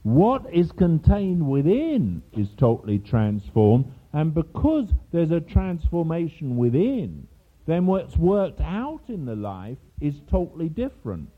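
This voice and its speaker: A man's voice: a little high, takes it slowly, breathy edge. An older man from England preaching a sermon, telling a story with asides and chuckles along the way. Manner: storytelling with asides and laughs, animated. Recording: tinny phone-like sound.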